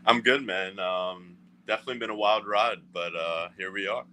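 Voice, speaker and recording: A man's voice: fairly low pitch, moderate pace, bright, forceful tone. A young man from Southern Maryland, a baseball player, giving easygoing, short answers in an interview. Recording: faint background noise.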